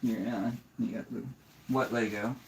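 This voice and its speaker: A man who breeds snakes, talking casually on a live stream, giving plainspoken advice and turning gently to his young son. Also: medium pitch, steady tone, unhurried, slight background noise.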